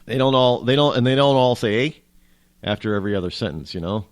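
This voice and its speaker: Hosting a casual talk radio show, a man muses aloud in a rambling, wry monologue full of restarts and self-interruptions. His medium-pitched voice is expressive and fast.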